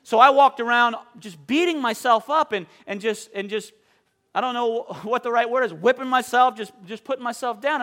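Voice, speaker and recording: High-voiced preacher swinging loud to hushed. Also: male voice. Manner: swings between booming and hushed delivery; drawn-out emphatic scripture reading. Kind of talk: sermon.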